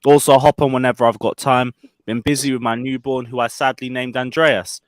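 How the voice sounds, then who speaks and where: A man's voice: mid-range voice, flat delivery, fairly quick, no echo, clean studio sound. A man hosting a casual live stream, reading out and answering chat comments.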